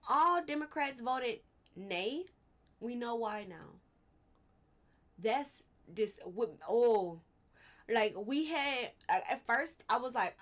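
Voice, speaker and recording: A woman's voice: a little high, lively intonation, slow, long pauses, a bit bright. A young woman hosting a live stream, talking casually about politics and getting worked up, repeating her questions. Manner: gets worked up, repeats questions, fussing then apologizing.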